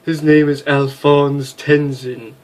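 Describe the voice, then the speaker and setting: A man plays an easygoing military pilot who teases his wingman. He speaks slowly, in a mid-range voice. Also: on the high side, little pitch movement, a little mellow, voice pushed up. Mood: teasing.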